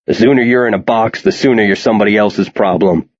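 A man reading an audiobook voices a gruff, sneering armed guard who talks down to the kids. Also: fairly low pitch, fast, dull audio, lightly acted. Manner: sneering, barking orders.

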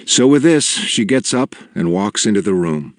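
A man narrating an audiobook in a measured, deliberate storytelling manner with quiet gravity. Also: lowish voice, animated, no echo, studio quality. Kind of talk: scripted narration.

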